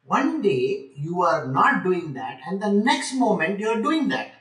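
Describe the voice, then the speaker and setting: Animated man giving a scripture talk. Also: high-pitched, unhurried, distant mic. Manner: conversational, asks the audience questions, light jokes. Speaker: spiritual teacher. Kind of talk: scripture exposition to a live audience. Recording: echoey room, speaker off-mic.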